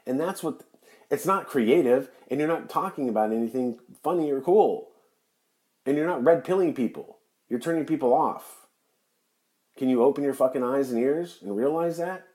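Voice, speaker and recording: A man's voice: medium pitch, normal speed, a little mellow. A man hosting his own podcast, delivering an angry, profane, mocking rant straight to the listener. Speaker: podcast host.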